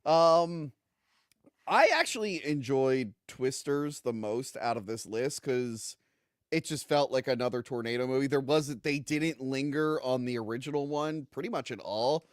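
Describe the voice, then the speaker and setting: A man's voice: mid-range voice, unhurried, smooth, dry recording, studio quality. A man chatting casually about movies on a podcast, joking, laughing often and acting out quotes. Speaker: guest film reviewer.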